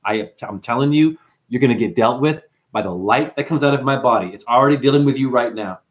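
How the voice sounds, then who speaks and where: A man hosting a spiritual livestream, talking to his chat in an animated way, calling listeners honey and chanting mantras. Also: medium pitch, fairly quick, dull audio.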